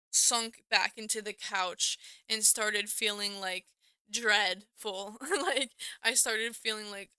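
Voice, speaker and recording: Bright, clear young woman rambling a story. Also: a little high, no room sound. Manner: rambling, filler-heavy, with many "like"s and self-corrections. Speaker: storyteller vlogger. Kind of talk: casual storytime.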